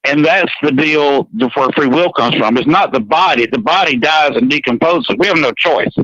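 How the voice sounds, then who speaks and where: A man's voice: on the high side, normal speed, bright, forceful tone, no room sound. A man with a Georgia accent talking earnestly and rambling a little, repeating words as he chats on a radio show. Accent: Georgia, US South. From Georgia, USA. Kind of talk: casual chat on a radio show. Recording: dull, dry radio sound.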